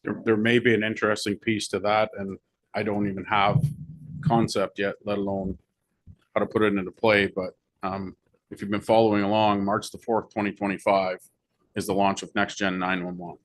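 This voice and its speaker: A man speaking as fire chief at a council meeting, explaining things in a measured way with frequent fillers. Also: lowish voice, level tone.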